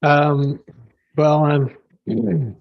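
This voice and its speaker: A man with a mid-pitched voice speaks very slowly and hesitantly as he describes his move. He laughs between phrases. His voice comes through a dull, lo-fi chat mic. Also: expressive, vocal fry. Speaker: player. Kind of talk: casual chat during a tabletop game.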